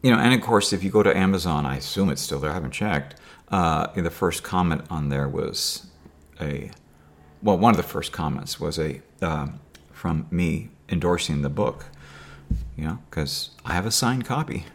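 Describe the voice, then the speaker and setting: A man's voice: low-pitched, animated, moderate pace. A man talking to camera in a rambling personal monologue, with dry sarcastic humor and many fillers and restarts. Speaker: video diarist.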